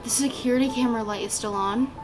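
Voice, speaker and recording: Woman, casual gaming commentary, chatty and rambling, a bit high. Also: fast, over music. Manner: chatty and rambling, many fillers and restarts. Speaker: gaming channel creator.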